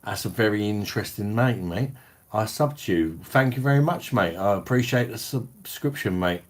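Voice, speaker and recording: A man's voice: on the low side, animated, normal speed. A middle-aged British man hosting a beer review livestream, chatting bluntly in slang, swearing freely and reading out viewer comments. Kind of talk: casual live-stream chat reading viewer comments.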